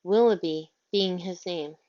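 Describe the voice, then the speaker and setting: A woman voicing a prim, self-assured nanny who speaks crisply and matter-of-factly, in a storybook reading. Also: fairly low pitch, a little slow, a little mellow, lightly acted. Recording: dull lo-fi audio.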